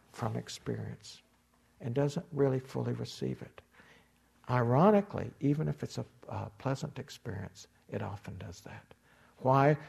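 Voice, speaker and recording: An older man giving a meditation talk in a very gravelly, husky voice. He speaks unhurriedly and reflectively, sometimes slipping into playful inner voices. His pitch sits in an ordinary male middle range. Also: a little mellow. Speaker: meditation teacher. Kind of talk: dharma talk.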